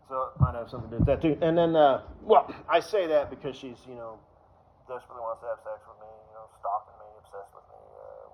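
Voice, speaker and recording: A man's voice: medium pitch, slight background noise. A man rambling through a crude personal story, full of fillers, trailing off into mumbles. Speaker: vlogger. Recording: dull lo-fi recording.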